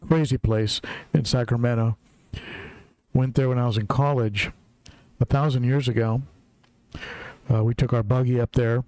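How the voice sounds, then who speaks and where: A middle-aged man from Southern California hosts a live stream from his home in Tennessee, chatting casually and reading out viewers' names as they arrive. His voice is medium-pitched, steady and dark, at normal speed with frequent pauses, and the recording is dry.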